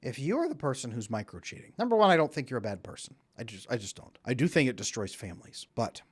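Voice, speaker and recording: Male relationship coach, mid-pitched, animated delivery, direct advice to camera. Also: fast talker, slightly rough. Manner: animated, acts out quoted voices.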